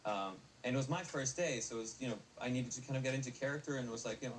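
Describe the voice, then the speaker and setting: Rambling young actor, distant mic. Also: male voice, mid-range voice, rapid-fire. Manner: rambling with many fillers and restarts. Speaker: actor guest. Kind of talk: casual interview chat. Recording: distant mic with faint noise.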